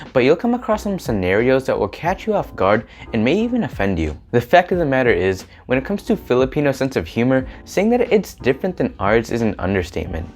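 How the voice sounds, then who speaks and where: A young adult man hosting a scripted advice vlog, speaking in an upbeat, animated way with rising emphasis. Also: medium pitch. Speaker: vlogger host.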